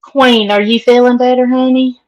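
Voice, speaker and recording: A woman's voice: a little high, steady tone, moderate pace, a little mellow, rough recording. A middle-aged woman with a Southern accent, chatting casually with live viewers and greeting them by name. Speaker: vlogger.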